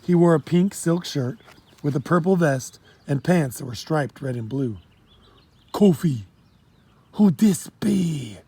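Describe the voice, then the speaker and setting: A man reading a children's storybook aloud in a steady, plain storytelling manner. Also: on the high side, moderate pace. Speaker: audiobook narrator. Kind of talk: storybook narration.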